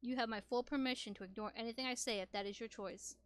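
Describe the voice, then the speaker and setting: A woman voicing a calm, kind male robot father figure in a game, speaking slowly and gently. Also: on the high side, no echo. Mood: gentle.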